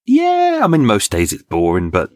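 A man with a fairly low voice tells stories as a podcast guest. He talks in an animated, chatty way, stumbling and restarting and laughing as he goes. The sound is dry and close, with no room around it. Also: normal speed, no echo. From England. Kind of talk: storytelling in conversation.

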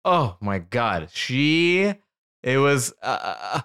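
A man hosting a casual chat, telling a comic story with lots of swearing and acting out his friends in high voices. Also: very animated, drawn-out words, fairly bright tone, clean tone.

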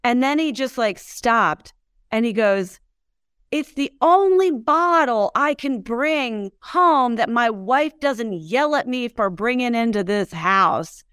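This whiskey brand founder, guesting on a casual interview, speaks slowly with a fairly high, fairly bright and smooth voice full of lively intonation. Chatty and heavy on filler words, she laughs while recounting stories, in clean studio sound without echo.

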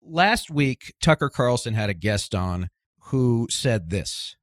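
A man's voice: mid-range voice, sing-song, slow, no room sound. Man hosting a podcast panel, dry sound. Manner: steers the talk with questions to panelists. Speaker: podcast host. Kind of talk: casual panel discussion.

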